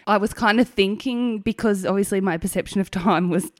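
A woman recounts a personal story in an easy, conversational way. She speaks frankly, swears without fuss and breaks into laughter often, at an ordinary mid pitch. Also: brisk, no room sound, studio quality. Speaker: guest sharing her birth story.

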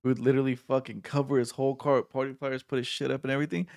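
A man's voice: medium pitch, level tone, very fast, darkish tone. A man hosting a podcast, reminiscing in laid-back, profane casual chat. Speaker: podcast host.

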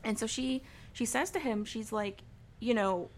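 Her voice a little high and her pace unhurried, a young podcast co-host recaps a story in casual conversation. She is chatty and leans on fillers, acting out what the people in the story said.

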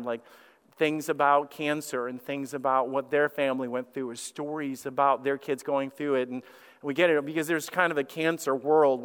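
Man, pastor, candid conversational sermon, clear smooth voice, long church reverb. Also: fairly high pitch, a bit bright. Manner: candid and conversational, with frequent restarts. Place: church sanctuary.

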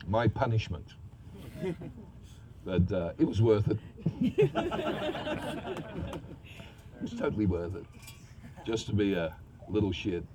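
A man's voice: fairly low pitch, takes it slowly, pauses often, noisy background. A man telling profane, laughing anecdotes about his acting days in a casual interview. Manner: profane, laughing, animated storyteller.

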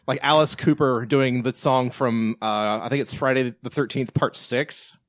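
A man co-hosting a casual podcast chat, animated and joking, with some swearing. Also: mid-range voice, dry recording, studio quality. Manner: animated, profane, joking, breaks into shouted bits. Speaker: podcast co-host.

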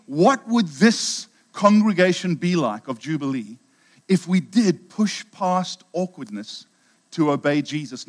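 Chatty South African pastor preaching. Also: male voice, fairly high pitch. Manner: storytelling, chatty, with many restarts. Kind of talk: sermon.

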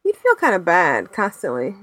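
A woman's voice: lowish voice, huge pitch swings, moderate pace, a bit bright, no room sound. A woman co-hosting a podcast, chatting casually and rambling with fillers and laughs. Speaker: podcast co-host. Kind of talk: casual chat.

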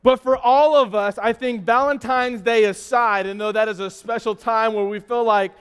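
High, smooth-voiced preacher in a reverberant hall. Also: male voice, normal speed. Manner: animated storytelling with self-teasing asides; stumbles and repeats words. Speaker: youth pastor. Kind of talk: sermon to a youth group.

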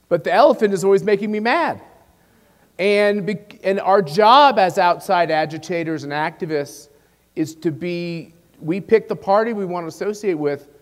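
A man addresses a conference audience in a large convention hall with a rousing, folksy speech, his voice dropping low on closing phrases. The recording carries long hall reverb.

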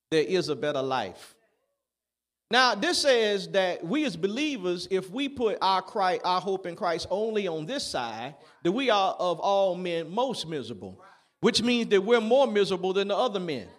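Man, preacher, very high voice, call-and-response sermon that builds to shouting.

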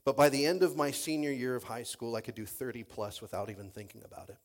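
A man preaching a sermon as pastor, reading scripture and praying in a soft, low voice, and often restarting sentences by repeating words. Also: fast talker. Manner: prays and reads in a soft, low voice.

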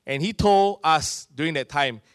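A middle-aged man with a Singaporean English accent, preaching a sermon in an animated storytelling manner. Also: a little high, moderate pace, clear, resonant tone, no echo, clean studio sound. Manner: animated storytelling, acting out voices of people in his stories. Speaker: pastor.

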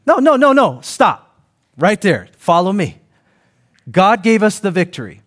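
Male pastor, high voice, conversational sermon delivery with asides and restarts. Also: a little slow. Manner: animated, conversational preaching with frequent restarts and asides.

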